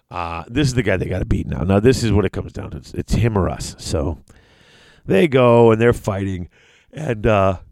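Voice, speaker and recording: Excitable guy rambling thru a story, voice jumping all over, dry close sound. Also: no echo. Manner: excitable, rambling, big pitch swings. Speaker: fantasy lore storyteller. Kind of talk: casual chat.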